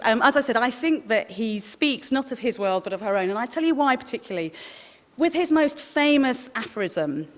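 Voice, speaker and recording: A woman historian and author giving a lively, chatty talk to a live audience. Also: a little high. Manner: lively storyteller, chatty asides. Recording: long reverb of a large hall.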